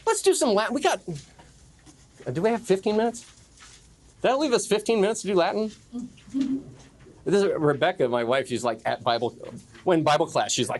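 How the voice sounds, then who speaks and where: A man's voice: sits high, lively intonation, brisk, pauses often. A middle-aged man teaching a conference session on Latin poetry, joking with the room and chanting the beats of the meter aloud. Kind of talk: lively classroom lecture. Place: conference classroom.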